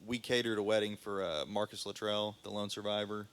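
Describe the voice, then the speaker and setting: Man, low-pitched, easygoing guest with plenty of "uh" and "um". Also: fairly quick, clear, resonant tone. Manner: relaxed storyteller, many fillers. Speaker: caterer guest. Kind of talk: casual interview chat.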